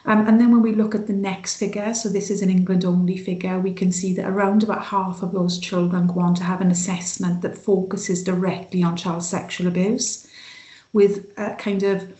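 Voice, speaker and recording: A woman's voice: mid-range voice, little pitch movement, moderate pace, mellow, roomy sound. A woman with a sing-song Welsh Valleys accent giving an online training talk over a video call, with many fillers and restarts. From Wales.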